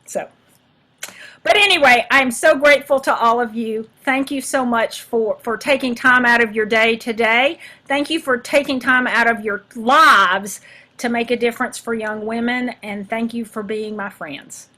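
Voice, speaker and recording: Middle-aged woman, brisk bright voice a bit high, chatty and self-deprecating, casual workshop talk. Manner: chatty and self-mocking, warm thanks. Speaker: national field director addressing volunteers.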